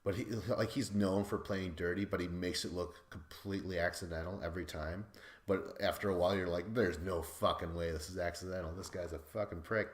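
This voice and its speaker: A man's voice: low-pitched, fairly even intonation, a little fast, reverberant. A man hosting a podcast recap in casual, rambling chat, swearing and laughing at himself. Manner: rambling, profane, self-deprecating, laughs often. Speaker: podcast host.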